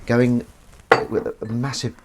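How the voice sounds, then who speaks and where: Over a very noisy backdrop of clattering dishes and cutlery, a man speaks slowly in a level, mid-range voice. He's a livestream host doing a relaxed stream from his home kitchen while washing up. His talk wanders, he's self-deprecating, and he reads out chat comments.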